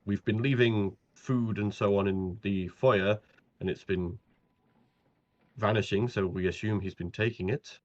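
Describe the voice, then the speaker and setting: A man narrating as game master of a tabletop game, measured and halting. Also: lowish voice, fairly even intonation. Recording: dull lo-fi audio, faint music.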